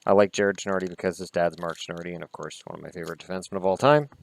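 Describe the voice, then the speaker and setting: A man's voice: low-pitched, steady tone, racing, creaky. A man hosting a casual vlog, chatting in an opinionated way and swearing mildly as he opens trading cards. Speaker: hockey vlogger. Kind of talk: casual card-opening vlog chat.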